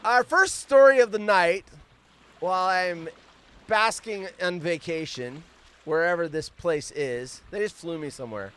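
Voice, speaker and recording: A man's voice: sits high, fairly bright tone, smooth. A man in his fifties hosting a casual live stream from outdoors on vacation, rambling off on tangents and swearing freely. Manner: profane, rambling, quick tangents. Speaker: host.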